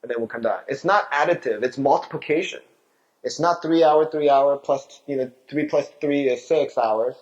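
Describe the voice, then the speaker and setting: A man's voice: mid-range voice, normal speed. Man explaining health in dull lo-fi sound. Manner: explanatory, asks rhetorical questions. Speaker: physician. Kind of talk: health talk.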